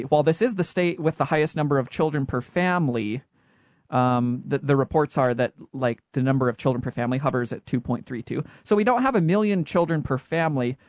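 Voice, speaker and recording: A man's voice: mid-range voice, darkish tone, dry recording, clean studio sound. Chatty joking man with a Utah accent. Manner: joking, chatty, quick asides. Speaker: podcast co-host. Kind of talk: casual podcast chat.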